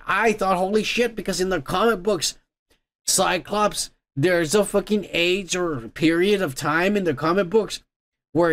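A man with a high voice hosts a casual podcast, retelling a cartoon episode in a rambling, excitable way. He swears constantly and piles on fillers as he goes. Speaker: podcast host.

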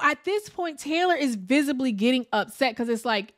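A woman's voice: high-pitched, expressive, normal speed, hardly any pauses, a bit bright. A woman giving a casual, exasperated reality TV review, chatty and emphatic, repeating words for effect and saying "like" often. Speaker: TV show reviewer.

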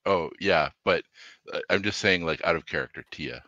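A man's voice: sits low, moderate pace, pushed and bright, dry recording, muffled recording. A man playing a tabletop game, describing his character in a rambling, hesitant, self-deprecating way. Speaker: player. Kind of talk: casual tabletop game play.

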